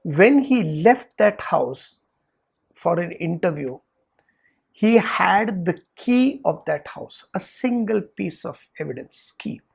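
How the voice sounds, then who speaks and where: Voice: medium pitch, animated, slow, gravelly, slightly rough. A Vedanta teacher, retelling a story in a lecture and briefly voicing the characters in quotes.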